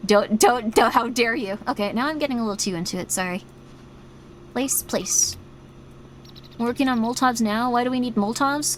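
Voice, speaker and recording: A woman streaming a game, talking in a chatty, playful way, easily startled and soft when guiding a breathing exercise. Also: mid-range voice, a little hiss or hum. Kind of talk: casual game commentary.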